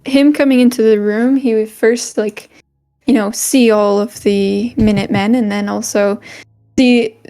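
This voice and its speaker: A woman's voice: on the high side, steady tone, unhurried, dark tone, clear, resonant tone. A woman player thinking aloud hesitantly, with many fillers. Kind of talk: casual chat.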